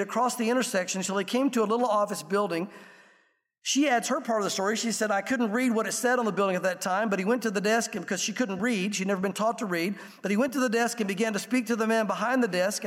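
A man preaching a sermon, telling an illustration story earnestly and slowing down for the emotional parts. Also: sits high. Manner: earnest storytelling, slows and softens for emotional quotes. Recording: long reverb of a large room.

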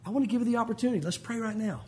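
A man preaches to a congregation at a church service with urgent, impassioned emphasis. His voice is high and his delivery rapid, driving hard through each point. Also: dark tone. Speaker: pastor. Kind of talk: sermon.

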